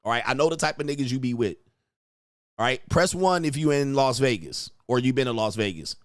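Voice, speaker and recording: A man's voice: medium pitch, animated, fairly quick, no room sound, clean studio sound. A man hosting commentary on video clips, blunt and crude, repeating himself and mimicking reactions. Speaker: host.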